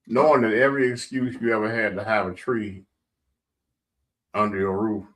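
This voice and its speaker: A man's voice: fairly low pitch, little pitch movement, normal speed, fairly bright tone. A man co-hosting a casual radio talk show, asking questions and telling stories. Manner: storytelling, asks leading questions. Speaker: radio co-host.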